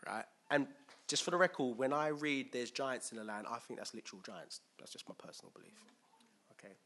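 A man preaching a sermon in a lively, conversational way, asking his listeners questions and acting out the figures he quotes. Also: medium pitch, a little fast.

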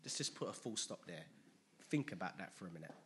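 A man preaching a sermon, emphatic and animated, asking his listeners rhetorical questions. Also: low-pitched, fast, slight background noise.

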